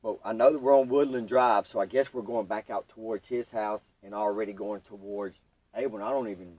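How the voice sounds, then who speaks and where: Young guy, husky voice, animated storyteller, set back from the mic. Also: fairly low pitch, a little fast, recorded from a distance, rough recording. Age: young adult. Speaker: podcast guest. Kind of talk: telling his recovery story.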